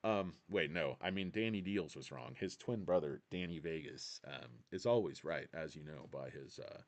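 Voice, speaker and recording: Male vlog host, lively swooping delivery, sarcastic self-deprecating chat. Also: medium pitch. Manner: jokey, self-mocking, sarcastic. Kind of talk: casual rambling chat.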